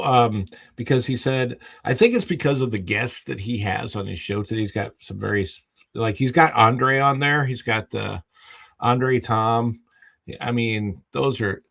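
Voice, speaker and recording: Gravelly man rambling on a livestream. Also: mid-range voice, a bit bright. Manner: rambling, full of fillers and restarts; jokey, laughs at his own stories. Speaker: livestream podcast host. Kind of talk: casual livestream chat.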